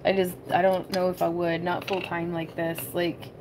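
A woman's voice: fairly low pitch, little pitch movement, moderate pace, background noise. A woman hosting a casual crafting tutorial livestream from her home craft room. She chats with viewers, giggles often and calls them y'all.

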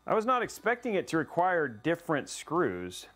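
A man's voice: a little high, huge pitch swings, moderate pace, fairly bright tone, slightly rough, soft background music. A man live-streaming a PC build, talking to his chat in a playful, rambling way and teasing them.

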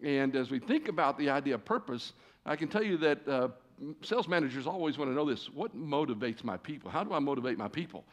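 A guest preacher in his sixties gives a storytelling sermon from a church stage before a large congregation, folksy and self-deprecating, with many "uh" fillers. His mid-range voice is expressive and fast.

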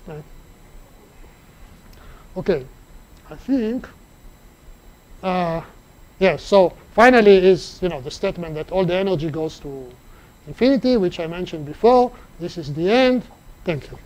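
High-voiced man giving a seminar talk. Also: expressive. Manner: halting, thinking aloud with restarts. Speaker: seminar speaker. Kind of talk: mathematics seminar lecture. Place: seminar room.

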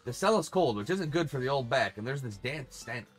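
A man's voice: mid-range voice, expressive, brisk, faint music behind, natural voice. A man reading the lines of a grumpy, bossy old female creature elder in a video game, scolding and crotchety.

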